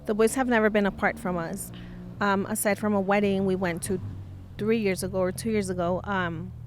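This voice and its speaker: A woman's voice: mid-range voice, steady tone, moderate pace, slight background noise. A woman in her thirties, a mother and vlogger, telling a personal story in a casual, heartfelt way, sometimes dropping into Spanish phrases.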